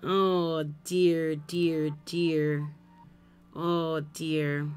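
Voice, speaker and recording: Excitable woman streamer reacting. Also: deep voice, drawn-out words, smooth, soft background music. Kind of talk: let's play commentary.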